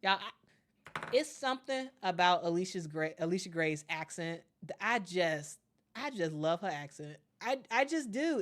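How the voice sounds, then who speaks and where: A young woman hosts a casual sports livestream with a slightly low voice. She talks freely with lots of fillers and repeated words, and reads out viewer comments with lively energy. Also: moderate pace. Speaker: sports channel host.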